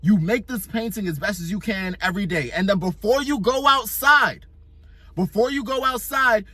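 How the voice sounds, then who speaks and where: A man's voice: high voice, fairly bright tone, no echo. A young man giving a casual motivational monologue, blunt and profane, talking in slang and working through a long analogy. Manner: explains with an extended analogy. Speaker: self-improvement vlogger.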